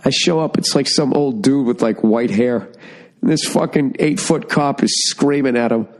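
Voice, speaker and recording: A man's voice: medium pitch, moderate pace. A middle-aged man from Massachusetts, stuffy and congested from a cold, ranting profanely and telling stories on his solo podcast. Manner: profane, ranting, storytelling, animated asides. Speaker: podcast host. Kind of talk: casual solo podcast rant. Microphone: studio podcast mic.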